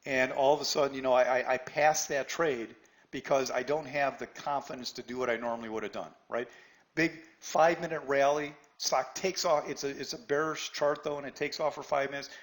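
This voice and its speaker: A man's voice: mid-range voice, fairly even intonation, a little fast. A man teaching a trading lesson to a live online class, blunt and challenging, often tagging "right?" and stammering on restarts. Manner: talks straight to students by name, pushy and challenging. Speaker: trading instructor.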